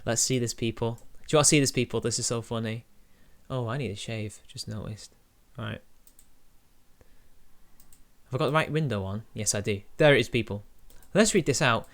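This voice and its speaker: A man's voice: medium pitch, normal speed. A young man, chatting on a live stream in a mocking, crude, laughing way. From Britain. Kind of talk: casual live-stream commentary.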